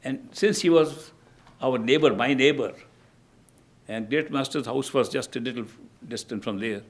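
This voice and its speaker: An older man with a medium-pitched voice gives a spiritual discourse as a teacher. He tells stories in a measured manner, frequently restarting his phrases.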